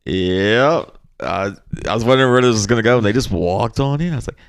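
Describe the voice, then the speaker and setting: A man's voice: medium pitch, very fast, vocal fry. A man with a Southern American accent from Arkansas, telling loose, laid-back stories as a guest in a casual podcast chat. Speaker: guest, touring metal musician.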